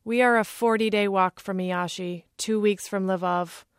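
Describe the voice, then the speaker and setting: A village baker insisting they are safe, voiced by a woman author reading aloud. The mid-pitched voice is close and dry. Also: steady tone, measured pace, clean tone, dry recording, close to an everyday voice. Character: village baker, confident townsman.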